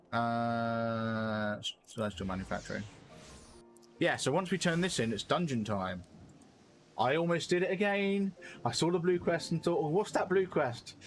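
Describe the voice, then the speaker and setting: A man streaming a video game, chatting excitedly and laughing as he plays. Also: mid-range voice. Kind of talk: live game-stream commentary.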